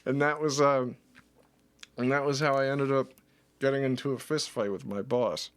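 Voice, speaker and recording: A man telling a story on a livestream in a casual, animated way, swearing and acting out other people's lines. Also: mid-range voice, normal speed. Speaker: streamer.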